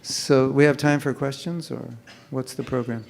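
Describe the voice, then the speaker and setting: A man's voice: medium pitch, fairly even intonation, moderate pace, creaky, a little hiss or hum. A man leading a live chanting workshop for an audience, joking often and mimicking careless mumbled chanting to make his point. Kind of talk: humorous live workshop talk. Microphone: microphone.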